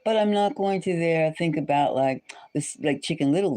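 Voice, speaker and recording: A woman's voice: deep voice, moderate pace, few pauses, warm tone. A woman hosting a live stream, chatting casually with viewers in a rambling way and repeating phrases over and over.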